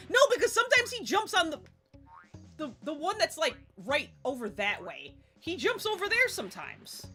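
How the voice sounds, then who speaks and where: Animated woman streamer, high bright voice. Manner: animated, exasperated, swears freely. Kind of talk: casual live gameplay commentary.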